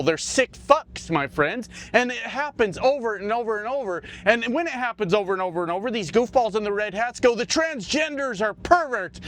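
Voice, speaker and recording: Man, trucker-commentator, higher-pitched voice; angry, cussing, off-the-cuff political vlog. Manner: profane, heated, rambling.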